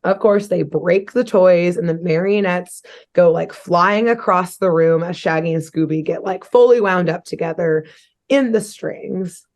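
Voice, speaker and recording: A woman's voice: lowish voice, unhurried, darkish tone. A young adult woman co-hosting a podcast, recapping a cartoon episode in casual, giggly chat and swearing freely.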